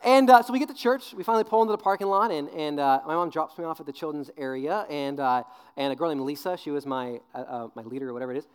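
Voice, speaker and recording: A young man in his twenties delivers a sermon at a rapid clip, his voice sitting a little high. He tells stories with lively, acted-out voices and drops low and earnest when he makes his point. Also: smooth. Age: 20s. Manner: animated storyteller, acts out voices with big pitch jumps. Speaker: youth pastor.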